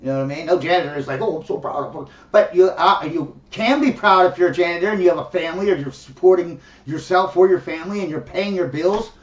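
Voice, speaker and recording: A middle-aged man rants bluntly and profanely, with a high voice and short laughs between his points. He sounds far from the microphone, in an echoey room. The recording is dull and lo-fi. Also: quick pace, hardly any pauses. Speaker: commentary host. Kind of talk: casual ranting monologue.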